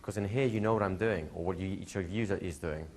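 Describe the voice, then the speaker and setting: A man's voice: deep voice, brisk, a little mellow, a little hiss or hum. A man, a hypnosis instructor, answering a student's question in a live workshop, telling stories, laughing and acting out quoted dialogue. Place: training room with students.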